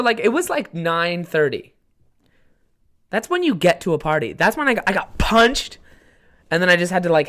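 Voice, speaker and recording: A man's voice: a little high, fairly bright tone. A young man hosts his own podcast from home, spinning a rambling party story in a loose, profane way. He swears often, laughs at himself, and wanders off into asides before getting back on track. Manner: rambling, profane, self-mocking. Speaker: podcast host. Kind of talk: casual solo storytelling.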